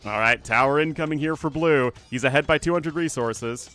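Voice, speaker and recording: A man's voice: a little high, fairly quick, fairly bright tone, faint music behind. A man with a General American accent casting a live strategy game and chatting with viewers between plays. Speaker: esports caster.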